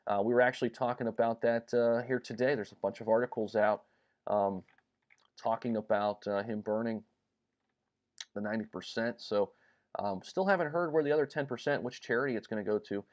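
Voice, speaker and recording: A man's voice: medium pitch, a little fast, highs cut off. Man, livestream host, casual, upbeat, chatty, lots of fillers. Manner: chatty, upbeat, greets viewers by name; frequent ums and uhs.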